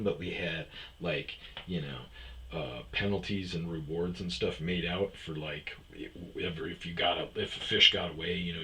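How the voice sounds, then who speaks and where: With a low, sharp-toned voice and a little hiss or hum on the recording, a middle-aged man hosts a podcast full of casual comedic storytelling. His tales ramble, run profane, and feature him acting out other people's lines.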